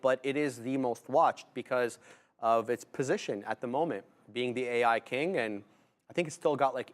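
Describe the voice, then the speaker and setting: A man co-hosting a live trading stream, talking casually and slangy as he thinks aloud about his trades. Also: mid-range voice. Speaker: day trader co-host.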